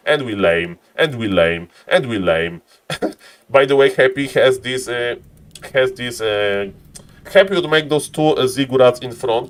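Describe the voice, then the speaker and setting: A man casting a strategy game live on stream, excitable, laughing often and calling out to ladies and gentlemen. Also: on the low side.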